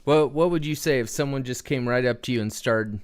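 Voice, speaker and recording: A man's voice: mid-range voice, a little fast, clean tone. A man hosting a casual livestream, rambling and talking straight to viewers in the chat with questions. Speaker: livestream host.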